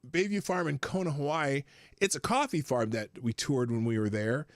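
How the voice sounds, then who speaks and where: A man's voice: mid-range voice, moderate pace, dry recording. A man hosting a casual livestream show from a small home studio, rambling, profane and chuckling often. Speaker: host. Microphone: headphones with desk mic.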